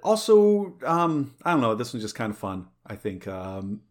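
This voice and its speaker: A man's voice: mid-range voice, sing-song, moderate pace. A man hosting a podcast, chatting casually in an enthusiastic, rambling way. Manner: enthusiastic, rambling, many fillers and restarts. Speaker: podcast host. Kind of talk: casual chat.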